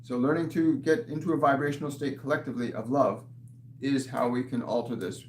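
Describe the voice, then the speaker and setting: A man's voice: medium pitch, steady tone, brisk. A man working as a spiritual medium, answering viewer questions in a live session, earnest and often restarting his phrases. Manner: earnest, repeats and restarts phrases, laughs softly. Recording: echoey room with faint hum.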